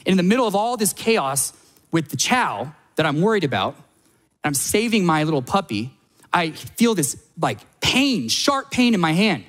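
A male pastor delivers a sermon in a slightly high voice, chatty one moment and rising into dramatic emphasis the next. His words ring out with a long reverb, as in a large church sanctuary. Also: normal speed. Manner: animated, conversational storytelling with dramatic swells.

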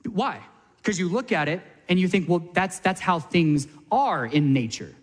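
Pastor, male, slightly high voice, animated sermon delivery with acted-out quotes, long hall reverb. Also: a little slow. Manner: animated, shifts into playful voices for quoted people.

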